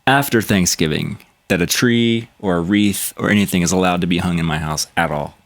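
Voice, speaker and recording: Man, guest producer, very deep voice, dry close sound, firm casual opinions. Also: fairly quick, dry recording. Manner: firm, matter-of-fact opinions. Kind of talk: casual chat.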